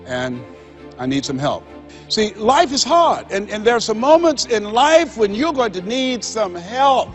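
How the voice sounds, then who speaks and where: A man's voice: sits high, big pitch swings, a little slow, highs cut off. A man giving a motivational speech to an audience, emphatic and preacherly, with rhythmic repetition. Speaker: motivational speaker. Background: faint background music.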